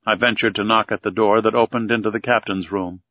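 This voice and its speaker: A man narrating an audiobook in a steady, measured reading. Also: on the low side, no room sound. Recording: dull, dry recording.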